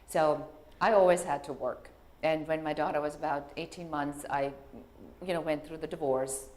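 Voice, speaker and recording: A woman's voice: sits low, fairly even intonation, moderate pace, a little mellow. A middle-aged woman telling a personal story in a chatty, anecdotal way. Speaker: speaker in a clip. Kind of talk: storytelling talk.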